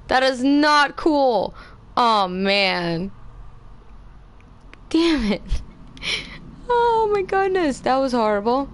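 A woman's voice: sits high, very animated, very slow, long pauses. A young woman streaming a horror game, reacting with shrieks and swearing at the game. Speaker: gameplay streamer. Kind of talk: live horror game commentary. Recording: audible background noise.

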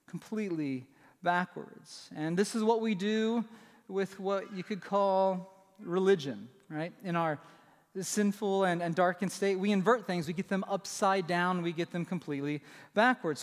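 A pastor delivers a sermon in a casual, conversational way, often checking in with "right?" and restarting his phrases. His voice sits a little higher than most men's. The sound carries a long reverb from a church sanctuary.

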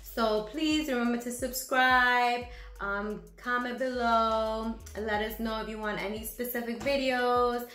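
A woman with a fairly high voice chats casually to her camera, rambling and filling pauses with "um". Her voice rings in a roomy, echoey space. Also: steady tone, a bit bright. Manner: rambling, many fillers, laughs at own jokes. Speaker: channel host. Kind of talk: casual vlog chat.

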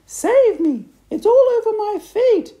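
A man voicing a nasty, shrieking old woman in a storybook reading, her voice shrill. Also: huge pitch swings, moderate pace, dark tone, exaggerated voice. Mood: shrieking terror.

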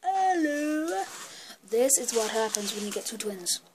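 A woman vlogger speaks briskly in a mid-range voice with fairly even intonation, casually talking through a screen-recorded tutorial on a built-in computer mic against a noisy background. She clowns around, muttering to herself with each click.

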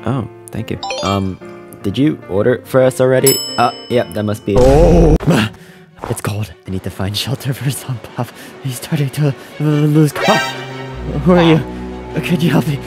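A man voicing his own cartoon character in excitable, quick reactions, full of surprised outbursts, over background music. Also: mid-range voice. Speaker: host and animator of a game cartoon. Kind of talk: animated cartoon voice acting.

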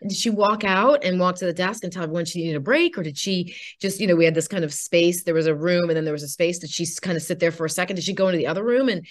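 Female interview guest, lower-pitched voice, earnest storyteller who turns quiet and emotional. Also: quick pace, few pauses. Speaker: podcast guest, HR consultant. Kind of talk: conversational interview.

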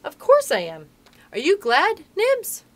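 A woman's voice: very high-pitched, wildly swooping pitch, slow, pitched above the performer's own voice, full character voice. A woman reading aloud and voicing a matter-of-fact, teasing know-it-all boy.

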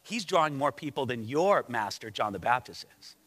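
A man's voice: medium pitch, very animated, moderate pace, fairly bright tone, big-room sound, pitched below the performer's own voice. A pastor voicing smug ancient male religious leaders who taunt their rivals in a sermon. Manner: taunting, dismissive.

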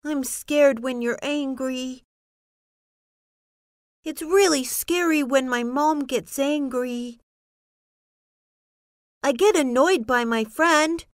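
High voiced woman reading lines super slow, dry close mic. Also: no room sound. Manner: slow, carefully enunciated example sentences. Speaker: narrator voicing a child's lines. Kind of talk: slow scripted phrase reading.

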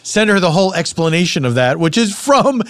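High, animated comedian co-host. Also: male voice. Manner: animated storyteller, quick jokey asides. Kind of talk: casual comedy banter.

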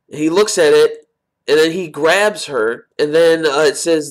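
A man's voice: fairly high pitch, measured pace. A man reacting live to a manga chapter, reading lines aloud and exclaiming often as he goes. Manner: reads character lines aloud in quotes. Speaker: manga reviewer.

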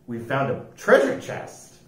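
A man voicing a plucky young girl pirate princess in a storybook reading, with eager high cries. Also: measured pace, reverberant, far from the mic, close to an everyday voice. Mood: cheerful. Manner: eager, bright squeaky cries.

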